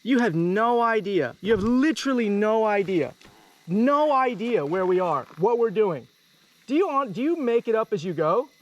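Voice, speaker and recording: A man's voice: high voice, big pitch swings, moderate pace. A man bantering sarcastically with a riding mate outdoors on a dirt trail. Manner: sarcastic, teasing, mocking impressions of his mate. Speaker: vlogger riding dirt bikes. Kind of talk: casual banter between riding mates.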